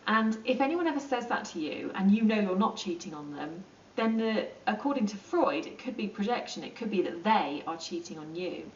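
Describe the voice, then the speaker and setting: A woman explaining psychology in a relaxed, chatty lesson, with plenty of ums and acted-out asides. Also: medium pitch, normal speed, few pauses, a little hiss or hum. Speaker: psychology teacher. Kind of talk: informal lesson explaining to camera. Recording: roomy, distant and dull.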